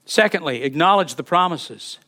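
A pastor delivers a sermon with emphatic, expressive preaching. He reads scripture aloud with feeling. His voice sits high for a man. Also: normal speed.

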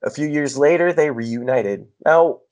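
A man's voice: fairly high pitch, unhurried, a little mellow, highs cut off. A man co-hosting a podcast, reading trivia in a plain, matter-of-fact way. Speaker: podcast co-host. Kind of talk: reading trivia, casual chat.

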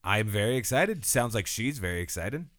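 Man co-host, lively pitch swings, jokey and excitable, dry sound. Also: normal speed, no room sound. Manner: animated, laughs a lot, swears. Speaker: podcast co-host. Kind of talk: casual podcast chat.

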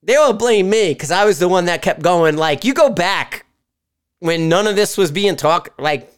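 Profane, animated man hosting a podcast. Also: high voice, normal speed, clean tone. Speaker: podcast host. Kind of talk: casual rambling monologue. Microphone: live stream mic.

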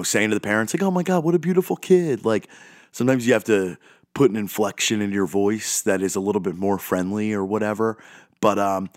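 Low-voiced goofy podcast host, dry mic. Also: male voice, no room sound. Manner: rambling, self-deprecating, goofy. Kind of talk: casual monologue.

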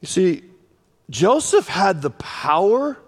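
High-voiced preacher in a reverberant hall. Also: male voice, takes it slowly. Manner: animated storytelling with sudden swings in volume. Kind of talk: sermon. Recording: long reverb of a large hall.

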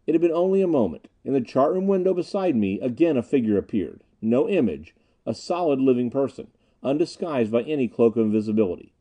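A man giving a dramatic, expressive audiobook narration. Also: medium pitch, a little fast.

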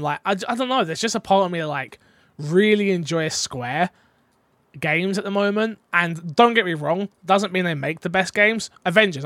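A man's voice: a little high, a bit bright, no echo. A man co-hosting a casual podcast, rambling and teasing, often restarting his sentences. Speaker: podcast co-host. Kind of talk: casual chat.

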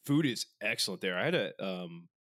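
A man's voice: fairly low pitch, animated, normal speed, fairly bright tone. Swearing man, rambling stories. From Philadelphia. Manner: rambling storytelling, heavy swearing. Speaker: podcast co-host. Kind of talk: casual chat.

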